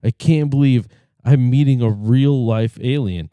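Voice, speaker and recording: A man voicing an excitable, pushy young partygoer as he tells a joke. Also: mid-range voice, measured pace, smooth, no room sound, close to an everyday voice. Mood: excited.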